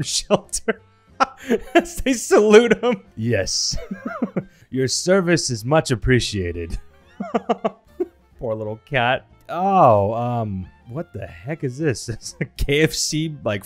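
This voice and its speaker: A man from the United States giving casual commentary on images, laughing often and exclaiming in disgust. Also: medium pitch. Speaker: reaction video creator.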